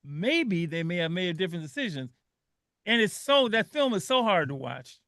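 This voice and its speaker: An older man with a high, bright voice, hosting a radio talk show. He speaks earnestly and with feeling, often stopping to restart a phrase. The sound is close and dry. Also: big pitch swings, normal speed, no room sound. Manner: emotional, earnest storytelling with frequent restarts.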